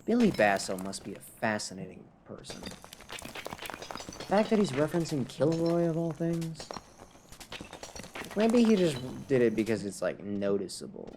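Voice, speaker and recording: A man with a light Canadian accent, a little tipsy, muses aloud as he plays, wandering from thought to thought and laughing at himself. His pitch bounces around a lot, while the voice itself sits in a middling register. A faint hiss sits under the whole recording. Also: wildly swooping pitch, measured pace, long pauses. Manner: rambling self-talk, chuckling at own jokes. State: tipsy from drinking. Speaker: streamer. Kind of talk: casual gameplay livestream chatter.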